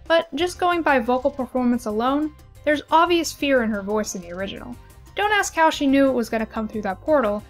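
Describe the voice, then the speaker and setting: A young woman giving an expressive, analytical video essay commentary with lively emphasis. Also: a little high.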